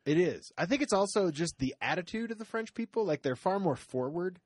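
A man's voice: sits high, expressive, fairly quick, a little mellow, no room sound, clean studio sound. A man chatting casually as a podcast co-host, rambling with many fillers and now and then putting on playful accents. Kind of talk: casual crude banter.

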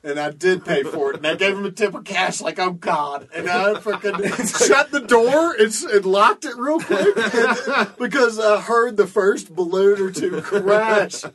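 A man with a fairly high voice tells a rambling, profane story in casual chat. He laughs his way through it, loose and unpolished. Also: a little slow, hardly any pauses, a crowd in the background.

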